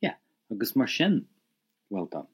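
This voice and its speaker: A man's voice: lowish voice, big pitch swings, a little slow, slightly rough. A man teaching an audio language lesson, encouraging the listener and prompting them to repeat phrases.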